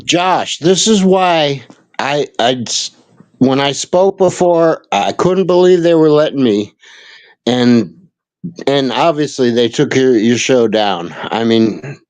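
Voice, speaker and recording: A man's voice: medium pitch, expressive, slow. A man joining a casual livestream as a guest, earnest and prone to repeating himself.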